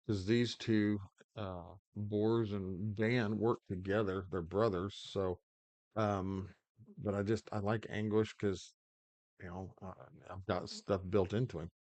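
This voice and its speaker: A man with a low-ish, steady, darkish voice hosts his own gaming channel, speaking slowly in a dry recording. He has the hiccups as he rambles through mobile game commentary full of fillers and restarts.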